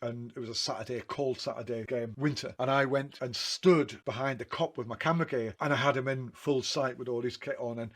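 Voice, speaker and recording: Man, mid pitch, easygoing photographer rambling through anecdotes with frequent restarts. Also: steady tone, a little fast, hardly any pauses, fairly bright tone. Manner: rambling, self-correcting, chatty. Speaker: photographer talking through his photo book. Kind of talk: casual anecdotal storytelling.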